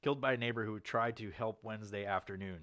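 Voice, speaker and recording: A man's voice: quick pace, fairly bright tone, dry recording. A man co-hosting a podcast, reading news stories aloud in casual banter, laughing often and swearing freely. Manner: laughs often, swears freely, jumps into squeaky put-on voices. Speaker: podcast co-host.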